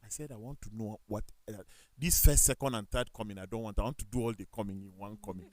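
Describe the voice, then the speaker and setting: A man with a Nigerian accent, speaking as a talk show panelist. He tells animated stories, acts out the dialogue, and corrects himself as he goes. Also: on the low side, quick pace. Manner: animated storytelling with quoted dialogue and self-corrections. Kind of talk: casual studio discussion.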